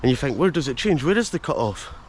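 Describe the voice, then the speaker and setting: A man's voice: medium pitch, very animated, fast talker, a little hiss or hum. A Scottish man hosting a casual walking vlog through village streets, chatting to viewers with jokey asides. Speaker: vlogger and host. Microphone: handheld camera mic.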